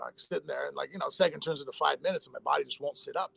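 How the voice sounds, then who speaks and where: A man telling a long personal story in a casual interview, in a rapid, rambling way with many fillers and restarts. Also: a little high, vocal fry, sharp tone, husky. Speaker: interview guest, former fighter.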